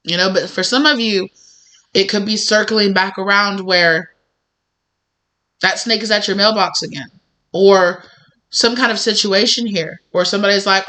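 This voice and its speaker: Bright-voiced woman giving a rambling tarot reading. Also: mid-range voice, moderate pace. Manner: rambling, conversational, full of "you know" and acted-out mini dialogues. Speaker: tarot reader. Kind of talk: spiritual tarot reading monologue.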